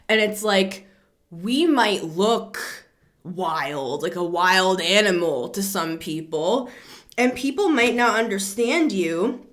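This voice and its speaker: A middle-aged woman giving a casual tarot reading, rambling, repeating herself and building to excited emphasis. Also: mid-range voice, slow pace. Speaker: tarot reader.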